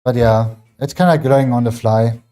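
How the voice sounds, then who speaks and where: This fitness livestreamer, a man with a German accent, talks through his home gym training in a loose, filler-heavy ramble. He speaks a little fast at medium pitch, with fairly even intonation and a warm tone.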